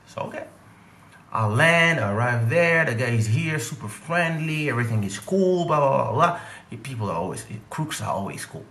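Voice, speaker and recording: Congolese-born guy doing a storytime vlog, animated, roomy echo. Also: mid-range voice, normal speed. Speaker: vlogger and singer. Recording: echoey room.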